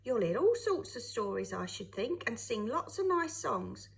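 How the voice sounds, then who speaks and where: A woman's voice: a little high, big pitch swings, normal speed, vocal fry, slightly rough, exaggerated voice. A woman doing a breathless, chatty working girl. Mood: eager.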